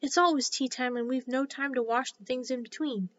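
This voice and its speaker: A woman voicing an eccentric, fussy male hatter in a slow, deliberate, mournful manner. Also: sits high, close to an everyday voice. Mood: matter-of-fact. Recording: slightly dull lo-fi recording.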